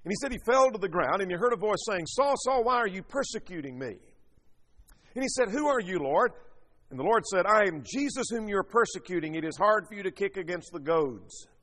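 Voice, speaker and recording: A man's voice: high voice, animated, quick pace, fairly bright tone, long reverb tail. A man teaching a sermon, reading scripture aloud and explaining it verse by verse. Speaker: preacher.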